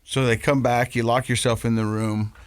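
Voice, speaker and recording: A man's voice: medium pitch, little pitch movement, moderate pace, clean tone, no room sound, studio quality. A man hosting a podcast, casually recapping the story before asking his guest a question. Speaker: podcast host. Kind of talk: interview questions.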